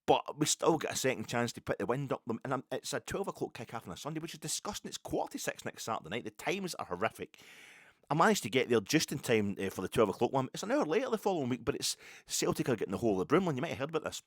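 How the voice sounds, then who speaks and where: A man's voice: mid-range voice, big pitch swings, rapid-fire, breathy edge, dry recording, clean studio sound. A middle-aged Scottish man hosting a solo football fan podcast, rambling and swearing as he rants. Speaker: podcast host.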